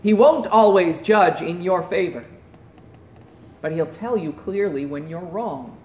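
A man preaching a sermon in an earnest voice that drops to a hush at solemn points. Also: high voice, measured pace, roomy sound. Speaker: pastor.

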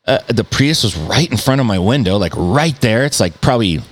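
A middle-aged man, a podcast host, telling a story in a loose, animated way, full of swearing and mouth sound effects. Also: lowish voice, fairly quick. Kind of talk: casual storytelling.

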